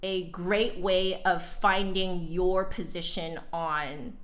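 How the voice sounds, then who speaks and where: Casting: young woman streamer, chatty and giggly, bright tone, slow unhurried delivery, slightly winded. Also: on the low side, level tone. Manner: chatty, giggly, reads chat aloud. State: a little out of breath. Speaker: flutist streamer. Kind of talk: casual live-stream chat.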